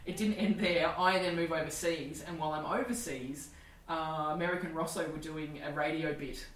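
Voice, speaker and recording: A woman's voice: deep voice, steady tone, moderate pace, reverberant, recorded from a distance, rough recording. An Australian woman in her forties, a comedian telling candid stories in casual chat, laughing and swearing freely. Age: 40s. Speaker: comedian guest.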